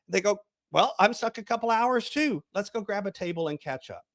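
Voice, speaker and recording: A man's voice: high-pitched, animated, a little fast, no room sound, studio quality. A man, a coach and author, talking in an interview and acting out small scenes as he tells a story. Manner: storytelling, acts out dialogue. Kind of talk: podcast interview.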